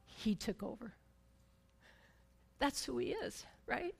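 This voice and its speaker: A woman preacher telling a personal story in a sermon. She keeps asking "right?", and her voice swings from loud excitement to a hush. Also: extremely high pitch, measured pace, long pauses. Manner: personal storytelling, emphatic, frequent "right?" asides; swings between loud excitement and hushed intensity. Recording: long hall reverb.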